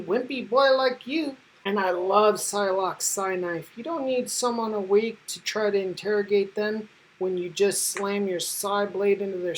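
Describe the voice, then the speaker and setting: A woman's voice: medium pitch, poor audio. A woman giving casual, enthusiastic commentary as a comic book reviewer, slangy and full of fillers.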